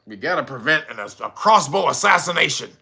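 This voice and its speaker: A man's voice: on the high side, lively intonation, fairly quick, gravelly, bright, forceful tone. A man doing incredulous, sarcastic commentary on a news story, laughing and swearing as he mocks the officials. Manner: mimics officials in sarcastic voices.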